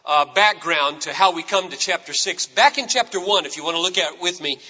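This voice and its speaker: A man preaching a sermon and reading scripture, with emphatic swings in pitch and stress. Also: fairly quick, pushed and bright. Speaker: pastor. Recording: old sermon tape, long hall reverb.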